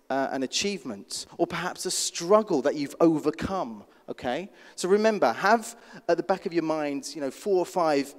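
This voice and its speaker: A man giving a live pitch masterclass at a conference, speaking deliberately and repetitively, often checking in with "okay?" and dropping his voice to land key points. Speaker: pitch coach at a startup conference. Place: large conference hall. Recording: long hall reverb.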